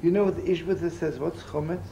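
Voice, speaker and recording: A man preaches like a rabbi, with a folksy, joking storyteller's manner and Yiddish words mixed into his talk. His voice is gravelly and sits a little high. The recording carries a clear layer of background noise. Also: fairly even intonation, quick pace, mellow, muffled recording. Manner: folksy, jokey, sprinkles Yiddish and Hebrew words. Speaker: rabbi teaching. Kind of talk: storytelling sermon. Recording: noisy old recording.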